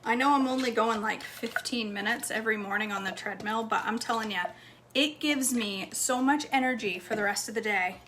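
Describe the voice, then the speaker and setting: A woman's voice: on the high side, fairly quick, fairly bright tone, slight background noise. A woman vlogging casually from her home kitchen, chatting to viewers and her dog as she cooks. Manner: chatty, talks to her dog between steps. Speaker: cooking vlogger.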